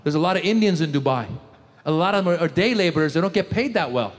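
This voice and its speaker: Animated male stand-up comic on a big stage. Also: on the high side, fast talker, in a large hall. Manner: animated, jokey, audience banter, acts out scenes. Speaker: stand-up comedian. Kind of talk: stand-up comedy routine. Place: theater stage with live audience.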